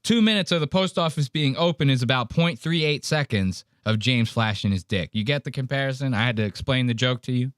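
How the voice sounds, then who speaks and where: A man's voice: mid-range voice, a little fast, few pauses, a bit bright, clean tone, no echo. Male podcast host, rambling crude comic riffs, dry close sound. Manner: rambling, profane, jokey riffing. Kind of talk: crude comedic commentary on clips.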